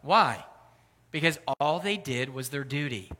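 Animated man preaching in a reverberant hall. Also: on the high side, measured pace. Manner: conversational preaching, animated emphasis. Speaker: pastor. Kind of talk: sermon.

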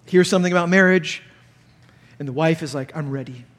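Speaking a little fast, a pastor preaches at a conference in a voice that's high for a man. He's animated and gets loud and sharp impersonating those he quotes, and every phrase carries a long reverb in the large hall.

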